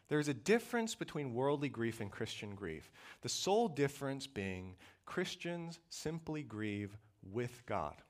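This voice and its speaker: A man preaching a sermon in a church, earnest and measured, slowing down and pausing to press his points. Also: mid-range voice. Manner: earnest, measured preaching with slow emphatic pauses.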